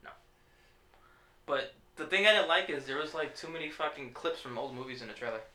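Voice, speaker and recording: A man's voice: on the high side, lively intonation, fairly quick, pushed and bright, a little hiss or hum. A man hosting a podcast in casual chat, rambling and cursing, stumbling over names. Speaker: podcast host. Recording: echoey room.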